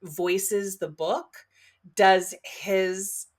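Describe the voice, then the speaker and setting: A woman co-hosting a podcast in casual book chat, talking in halting bursts with restarts and fillers. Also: mid-range voice, fairly even intonation. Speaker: podcast co-host.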